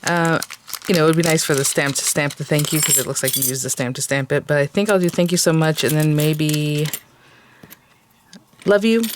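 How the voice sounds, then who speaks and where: A woman's voice: low voice, fairly quick, a little hiss or hum. A woman hosting a casual crafting tutorial, chatting and thinking aloud with lots of fillers as she works. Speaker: craft channel host.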